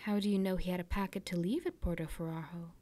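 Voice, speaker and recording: A woman reading aloud, voicing a warm, eager older male ship owner who asks many questions. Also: on the low side, fairly even intonation, quick pace, close to an everyday voice.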